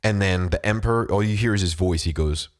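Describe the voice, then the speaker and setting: A man's voice: fairly low pitch, fast. A man with a cold, chatting casually to camera in a rambling, slangy way, full of "dude" and "bro". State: has a cold, voice deeper than usual.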